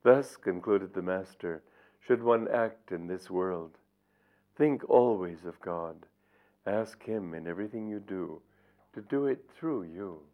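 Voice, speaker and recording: An older man, a spiritual teacher, reads aloud from his own book and comments on it in a reflective, storytelling way. His voice is low-pitched and slow, and the recording is tinny and lo-fi.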